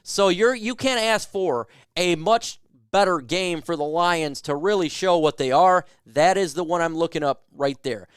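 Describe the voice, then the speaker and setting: A man in a somewhat high register runs a casual fan livestream, reading out viewer questions and firing back loose, joking opinions. His voice comes through clean and smooth. The sound is dry and close, with no room around it. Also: unhurried, no room sound. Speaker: sports talk livestream host. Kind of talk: casual live chat answering viewer questions.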